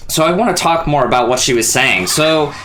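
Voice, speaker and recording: A man's voice: a little high, expressive, brisk, crowd noise. A man hosting a casual reaction video, chatty, laughing often and blurting out his reactions. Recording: show audio playing loudly beneath.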